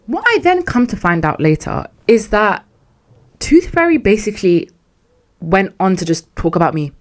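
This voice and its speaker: A young woman hosting a podcast, telling a story in a casual, animated and sarcastic way, full of slang. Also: mid-range voice, moderate pace. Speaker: podcast host.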